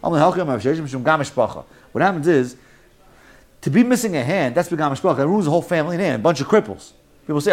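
Brief: man teaching Talmud, slightly high voice, animated and joking, mixes in Hebrew terms. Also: racing. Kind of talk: lively Talmud class lecture.

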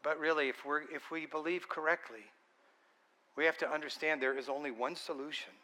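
A man's voice: on the high side, fairly even intonation, a little fast, bright, forceful tone. A man preaching a sermon in an earnest, conversational and emphatic way.

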